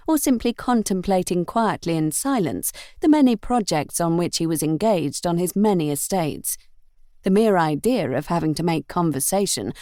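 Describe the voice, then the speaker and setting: Expressive woman audiobook narrator. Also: on the low side, no room sound, studio quality. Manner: expressive, measured storytelling.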